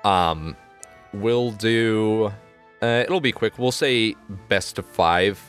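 A man narrating a tabletop game as game master, chatty and quick to laugh. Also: fairly low pitch, a bit bright, soft background music.

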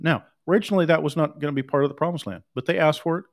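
A man's voice: on the high side, racing, few pauses. A man preaching a sermon in an emphatic, conversational way, often repeating his words.

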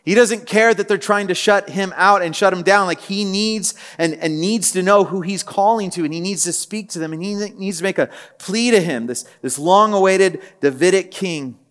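A man's voice: sits high, normal speed, hardly any pauses, a bit bright. A man preaching a casual teaching sermon, talking conversationally with many fillers and building to emphatic, repeated phrases. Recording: long hall reverb.

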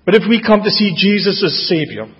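A man with a Scottish accent preaching a sermon, expressive, with dramatic rises in pitch and volume. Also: brisk. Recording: dull, lo-fi with long hall reverb.

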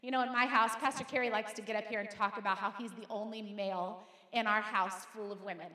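A middle-aged woman pastor preaching a lively sermon to her congregation and calling on them to repeat her words. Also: medium pitch, fast talker. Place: church sanctuary. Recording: echoey hall.

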